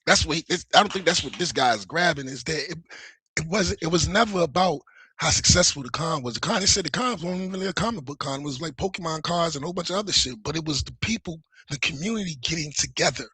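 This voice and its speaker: Brief: fired-up male livestream host, bright and husky, swearing a lot. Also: on the high side, quick pace, no room sound. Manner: heated, profane, animated. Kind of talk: casual livestream rant.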